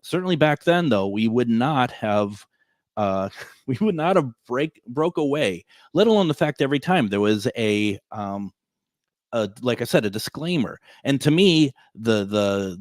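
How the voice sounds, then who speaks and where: A man in his forties hosts a radio show from the studio, telling a story to his listeners. He rambles and restarts his sentences, with chuckles along the way. His voice sits at an average pitch and sounds dry and close. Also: lively intonation, a little slow, no room sound. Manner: rambling, self-correcting, chuckling. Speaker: radio host.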